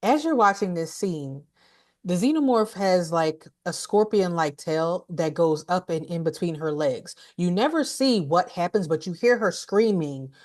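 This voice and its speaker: A woman co-hosting a podcast, recapping a horror movie in an animated, blunt and laughing way. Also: fairly low pitch, unhurried. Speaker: podcast co-host, movie reviewer.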